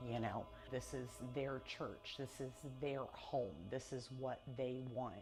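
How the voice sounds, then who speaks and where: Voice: mid-range voice, fairly even intonation, a little slow, soft background music. A medium walking through a church basement, describing felt presences in a rambling, uneasy way with many fillers. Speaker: psychic medium on an investigation. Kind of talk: paranormal walkthrough narration.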